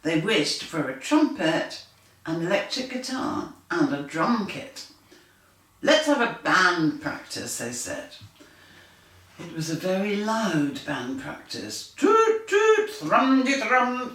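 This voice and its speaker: A woman's voice: on the low side, recorded from a distance. A woman reading her picture book aloud to children, with playful sound effects and character voices. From United Kingdom. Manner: slow, animated, doing lively animal and machine noises. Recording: echoey room, voice from off the mic.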